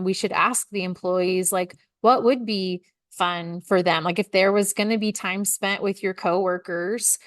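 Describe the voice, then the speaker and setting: A woman's voice: mid-range voice, steady tone, unhurried, no echo, studio quality. A woman co-hosting a consulting podcast, chatting casually with colleagues, often laughing and filling with "like".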